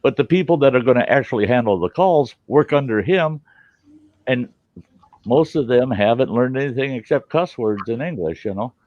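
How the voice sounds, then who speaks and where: A man's voice: mid-range voice, expressive, moderate pace. A man hosting a podcast, telling stories bluntly with plenty of profanity in casual chat. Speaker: podcast host. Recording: dull, dry lo-fi audio.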